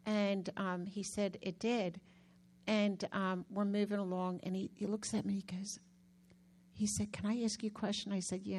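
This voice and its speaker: A woman minister sharing a personal testimony in a casual, talkative way. She tells the story with lots of energy and often stops to restart her sentences. Her pitch sits in the ordinary middle range for a woman. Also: moderate pace. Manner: chatty, animated storytelling with many restarts. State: recovering from a hand injury.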